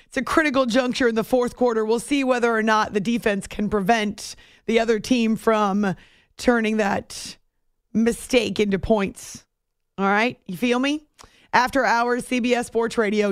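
A woman's voice: on the high side, smooth, no room sound, studio quality. A woman hosting a late-night sports radio show, talking casually with sarcastic, self-mocking asides. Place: radio studio. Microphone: studio microphone.

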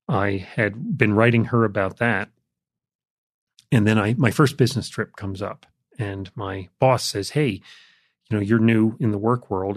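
An older man, an interview guest, telling a personal story in a relaxed, reflective way, with frequent fillers. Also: fairly low pitch, gravelly, no room sound, studio quality. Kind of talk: conversational storytelling.

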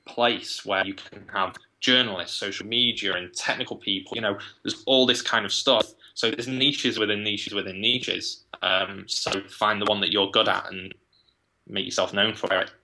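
A man with an English accent talks casually as an interview guest. His voice sits low but has a bright, forceful edge. He thinks aloud and restarts his sentences often. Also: fairly even intonation, normal speed, poor audio. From England. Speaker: guest, web agency founder.

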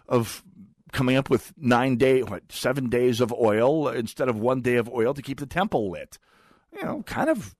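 A male talk radio host holds forth in a sardonic, rambling monologue full of wry asides. His pitch swings widely as he speaks. The studio sound is dry and close. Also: no room sound. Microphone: studio microphone.

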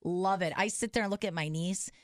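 A woman's voice: fairly low pitch, no room sound. Chatty woman podcast host, dry sound. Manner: chatty, encouraging, quick interjections. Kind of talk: casual interview chat.

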